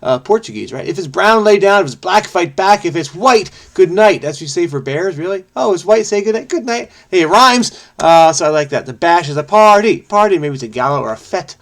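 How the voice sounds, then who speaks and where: A man talks his way through a crossword puzzle, wondering aloud and doubting himself as he goes. His voice sits somewhat high for a man, and his delivery is loose and casual. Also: expressive, fairly quick, hardly any pauses, fairly bright tone. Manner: rambling, self-questioning, frequent "I don't know". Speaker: crossword solving video host.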